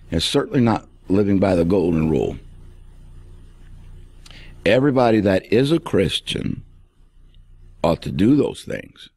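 Emphatic low-voiced preacher man. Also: darkish tone, breathy edge, no echo. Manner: emphatic preaching, addresses the listener directly. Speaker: pastor. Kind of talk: radio sermon.

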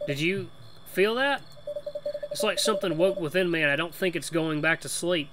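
A man's voice: a little high, moderate pace, background noise, lightly acted. A man voicing a weary male mouse from a video game in a put-on Boston accent, musing and conspiratorial. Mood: shaken. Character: weary working-class male mouse, tavern dweller.

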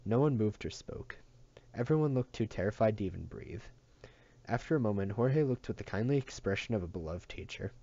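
A man reading a novel aloud in a steady, even narration. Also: on the low side, a little fast, creaky, no room sound, highs cut off. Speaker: audiobook reader.

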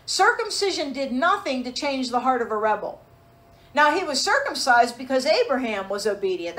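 A woman preaching a sermon with a high, bright-pitched voice. She delivers it emphatically, with pointed rhetorical questions to her listeners. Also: poor audio. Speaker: pastor.

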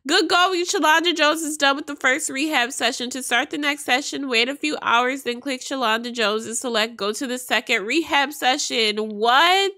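A woman's voice: high-pitched, normal speed, hardly any pauses, sharp tone. A young woman giving chatty, slangy commentary while playing a life-sim game, laughing often. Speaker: let's play host.

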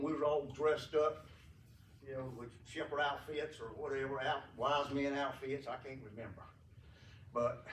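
In a church sanctuary, a man with a mid-range voice delivers a folksy funeral eulogy, chuckling often as he wanders through stories packed with fillers. The distant mic picks up an echoey room along with a little hiss or hum.

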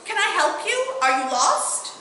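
A woman voicing a lonely, gentle young male dragon who speaks politely and a little plaintively, told aloud in a very echoey hall. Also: very high-pitched, sing-song, measured pace, a little hiss or hum, voice pushed up, full character voice. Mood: friendly. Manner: polite, friendly, a bit plaintive.

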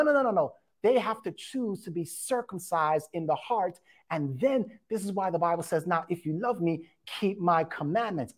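A woman preaching a sermon, reading scripture aloud and explaining it, with frequent emphatic asides. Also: on the high side. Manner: emphatic, repeats "watch this".

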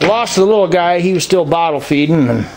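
An older man, chatting casually and roughly as he films his farm with a handheld camera. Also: fairly high pitch, lively intonation, fairly quick, darkish tone, soft background music. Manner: folksy, rough-spoken, calls out to animals. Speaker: homesteader filming his farm. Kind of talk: casual chat. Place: outdoors and in a barn and chicken house.

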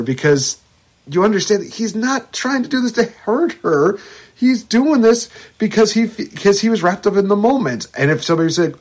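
A man's voice: high-pitched, normal speed. A young man co-hosting a podcast, ranting in a casual chat about a movie, swearing freely and voicing its characters mockingly. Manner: animated, profane ranting with mocking quotes. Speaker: podcast co-host.

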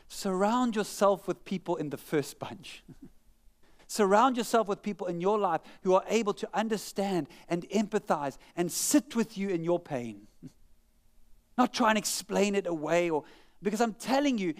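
A male pastor with a fairly high voice delivers a sermon in church. He reads scripture with slow, dramatic pauses, then talks earnestly and conversationally to the congregation. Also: clear, resonant tone. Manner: earnest and conversational between readings.

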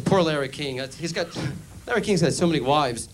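A man performing a stand-up comedy routine on a club stage, delivering deadpan jokes and playing mock call-in phone bits. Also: on the high side, a little fast, few pauses, a crowd in the background.

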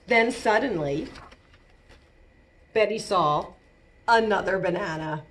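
A woman librarian reading a picture book aloud for babies, in an animated, sing-song storytime manner, sometimes acting out a toddler's wails and screams. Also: medium pitch, slow, pauses often. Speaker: children's librarian.

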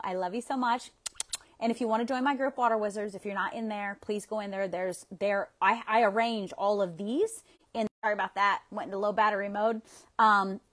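A woman's voice: mid-range voice, fairly bright tone. A woman coaching viewers through a tapping livestream on her phone, talking in a chatty, affectionate way with frequent restarts.

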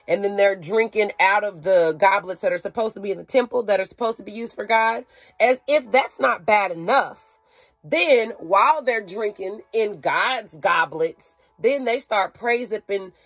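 A woman retelling a Bible story in a chatty, animated way, with slang and asides. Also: medium pitch, dry recording. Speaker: Bible teacher.

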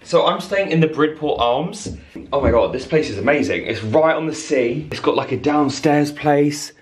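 A young man in a hotel room talking to camera in a casual travel vlog, gushing and excitable with lots of exclamations. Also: a little high, moderate pace. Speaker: travel vlogger. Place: seaside hotel room, indoors.

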